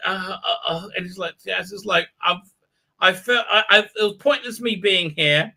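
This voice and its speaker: A man's voice: high-pitched, moderate pace, gravelly, sharp tone. A man hosting a live stream, recapping an episode in a rambling, sarcastic way with many fillers. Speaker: show host.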